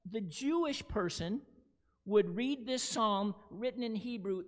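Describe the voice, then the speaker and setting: A male pastor preaching a sermon, earnest, moving from loud intense emphasis to hushed prayer. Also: sits high. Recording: hall reverb.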